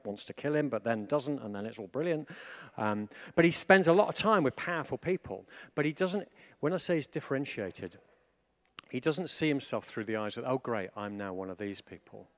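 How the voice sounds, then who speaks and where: A man preaching a sermon in a chatty, animated way, full of asides and restarts. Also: mid-range voice.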